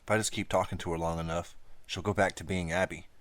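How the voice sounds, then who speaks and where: A man's voice: low voice, fairly even intonation, quick pace, a bit bright, dry recording. A man reading an audiobook, voicing a frightened teenage girl held captive, pleading and stammering.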